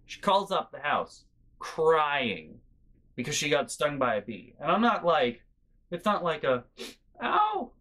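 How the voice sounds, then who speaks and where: A man's voice: on the high side, big pitch swings, a little slow, fairly bright tone. A man hosting a storytelling vlog, chatty and exasperated as he tells a family story. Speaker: host.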